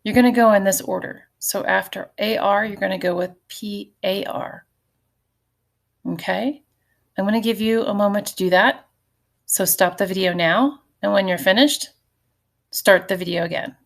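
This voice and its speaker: A woman's voice: medium pitch, normal speed, gravelly. A middle-aged woman teacher giving a recorded phonics lesson, patiently sounding out syllables and letters for her students.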